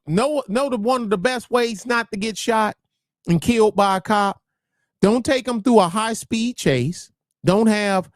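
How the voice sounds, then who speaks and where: A man's voice: high voice, no room sound, studio quality. A man hosting a livestream, talking bluntly and profanely in rambling commentary that keeps restarting phrases. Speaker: livestream host.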